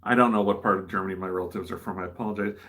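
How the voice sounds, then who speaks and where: A man with a lowish voice and a bright, forceful tone hosts a livestream, chatting casually as he builds a model. He rambles from one thought to the next and pokes fun at himself. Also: steady tone, racing. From American Midwest. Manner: rambling, self-deprecating. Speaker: livestream host.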